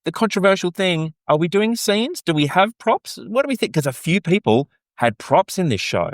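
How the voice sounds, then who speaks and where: A man's voice: moderate pace, no echo, clean studio sound. An Australian man co-hosting a podcast, chatting enthusiastically about a singing competition, his voice leaping up on questions. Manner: enthusiastic, animated, jumps to high pitch on questions. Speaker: podcast co-host. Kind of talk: casual chat reviewing a singing competition.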